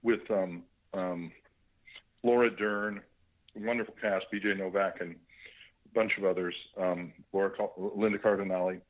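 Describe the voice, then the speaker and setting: A man's voice: deep voice, fairly even intonation. Middle-aged man on a muffled phone line. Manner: chatty, halting, with many fillers. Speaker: actor guest. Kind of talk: phone interview on a radio show.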